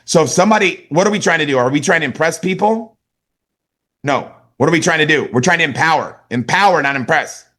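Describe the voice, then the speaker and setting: A man giving an energetic motivational sales training, talking conversationally and often checking that his listeners follow him. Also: a little high, brisk. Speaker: network marketing sales trainer.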